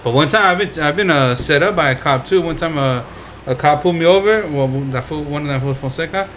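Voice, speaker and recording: A young man co-hosting a podcast, telling stories in a slangy, profane, animated way. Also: fairly high pitch, fairly quick, slight background noise, rough recording. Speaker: podcast co-host. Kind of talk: casual chat, storytelling.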